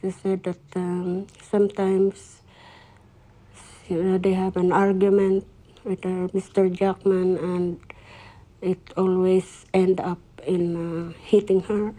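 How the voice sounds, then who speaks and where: A young woman speaks hesitantly and leans on many fillers. Her pace is very slow and her pitch stays flat. Her tone is dark and mellow. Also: poor audio. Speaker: interviewee. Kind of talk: documentary interview.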